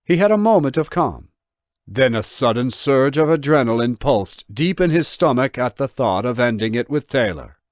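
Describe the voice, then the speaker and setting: Expressive male audiobook narrator. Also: medium pitch, moderate pace, dry recording, clean studio sound. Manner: expressive storytelling with voiced dialogue. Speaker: author and narrator.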